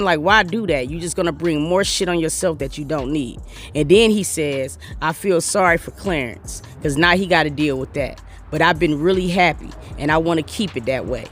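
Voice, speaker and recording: A man's voice: on the high side, fairly bright tone. A man doing casual reaction commentary, chatty and emphatic, talking straight to his viewers. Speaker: commentary vlogger.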